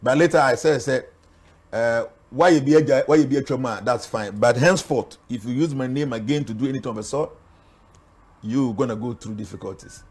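A man's voice: medium pitch, fairly quick, darkish tone, slightly rough. A man with a Ghanaian accent, a spiritual guest speaking earnestly in an interview, warning and preaching. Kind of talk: interview talk mixing Twi and English.

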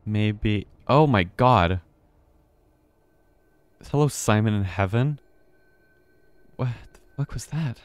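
A man with a somewhat low voice plays a horror game on a live stream and keeps up a running, casual commentary. He reacts out loud to each turn of the game. He sounds like he is talking into a desk mic at home. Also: expressive, slow pace, long pauses, smooth, no echo. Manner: chatty, reacts aloud to the game.

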